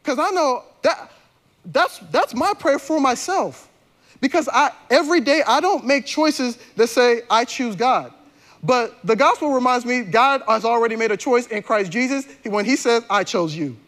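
A man's voice: very high voice, normal speed, fairly bright tone. A male pastor preaching a sermon in a conversational, slangy way, often restarting his sentences.

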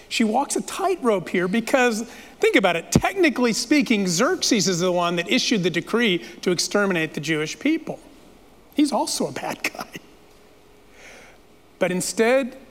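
A man's voice: high voice, fairly bright tone. A man preaching a sermon, retelling a story in a dramatic, playful way with asides to the listeners. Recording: long reverb of a large hall.

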